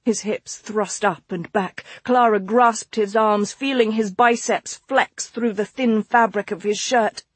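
A woman narrating a romance audiobook in a soft, slow, intimate read. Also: medium pitch, steady tone, husky, dry recording.

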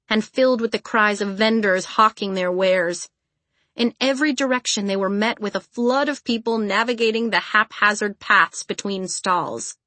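A woman's voice: medium pitch, no echo. Woman narrating an audiobook, dry and close. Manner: even, measured storytelling. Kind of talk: scripted narration. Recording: dry close studio recording.

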